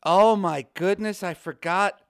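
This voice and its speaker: A man, a comedian guest on a podcast, telling rambling, animated stories in casual chat, with swearing and mocking voices. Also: high voice, unhurried, creaky, smooth.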